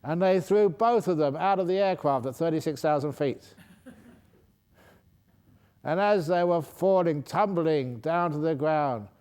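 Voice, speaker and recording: A Buddhist monk with a slightly high, smooth, darkish voice tells a joke a little slowly during a dharma talk meant to amuse. Playfully, he laughs at his own tale and stops to correct it.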